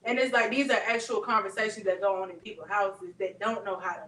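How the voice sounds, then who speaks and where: A woman's voice: mid-range voice, steady tone, fast talker, a bit bright, a little hiss or hum. A teenage girl on a podcast panel, speaking plainly and earnestly. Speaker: teen panelist. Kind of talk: casual group chat. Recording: echoey room, far from the mic.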